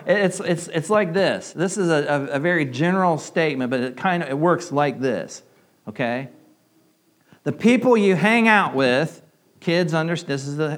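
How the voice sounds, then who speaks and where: Pastor, male, light southern twang, chatty sermon style, slightly high pitch, restarts his phrases. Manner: conversational preaching, repeats words, asks the audience questions.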